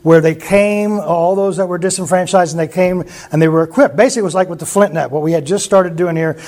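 A man's voice: sits high, fairly even intonation, fast, darkish tone. A man preaching a sermon through rambling anecdotes, with frequent restarts. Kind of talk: sermon storytelling.

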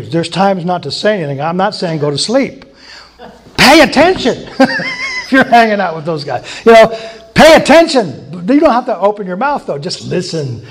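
Male preacher, high voice, casual sermon style with laughing asides and repeated emphasis. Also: slight background noise. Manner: conversational, chuckling asides, emphatic repetition. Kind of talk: informal sermon teaching.

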